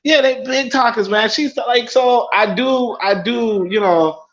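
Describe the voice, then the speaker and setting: A man's voice: very high-pitched, a little slow, fairly bright tone. A young man hosting a casual livestream who rambles, swears freely, repeats himself and laughs often. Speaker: livestream host. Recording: dull lo-fi stream audio.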